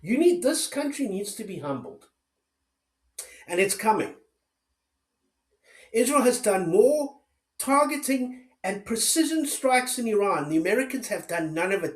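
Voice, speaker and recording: Unhurried and sing-song, this man's high-pitched voice carries a furious political rant. The commentator swears heavily and fires off sarcastic rhetorical questions, recorded with a roomy echo.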